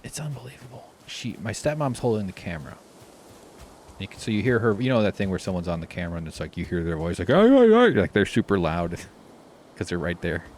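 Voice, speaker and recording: Deep-voiced rambling streamer guy. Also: fairly quick, a little hiss or hum. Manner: rambling storytelling, swearing, loud impressions of others. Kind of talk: casual gameplay commentary. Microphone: desk mic with face cam.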